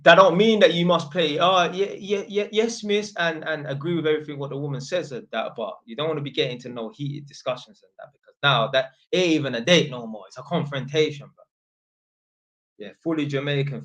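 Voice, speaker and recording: A man's voice: a little high, fairly quick, fairly bright tone. A man from North London with a London accent, hosting his channel in slangy, rambling casual talk. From North London, England. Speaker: channel host. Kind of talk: casual livestream chat.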